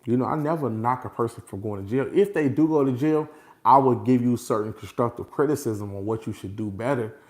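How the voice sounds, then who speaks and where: A man holds forth to his followers in an unscripted, loose monologue. He repeats himself for emphasis and keeps slipping into laughter. His voice sits at an ordinary middle pitch. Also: brisk. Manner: animated and repetitive, slipping into laughter. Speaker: vlogger addressing his followers.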